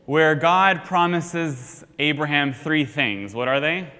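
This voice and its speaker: A man's voice: on the high side, slow pace, pushed and bright. An American man teaching a Sunday school class, reviewing Bible history by asking questions and leaving each sentence open for the class to finish. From United States. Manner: quizzing, leaves sentences hanging for the class to finish. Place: church classroom. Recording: long hall reverb.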